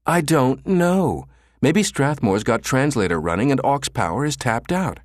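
A man's voice: mid-range voice, very animated, a little slow, no room sound, pitched above the performer's own voice. A man doing a wisecracking, grumbling tech guy. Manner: dry, sarcastic, grumbling. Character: grumbling, wisecracking male computer technician.

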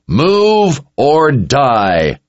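A man's voice: low-pitched, expressive, normal speed, no echo, lo-fi sound. A man voicing a grim, ruthless male warrior leader in a storybook reading, with hard, commanding orders. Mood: shouting orders.

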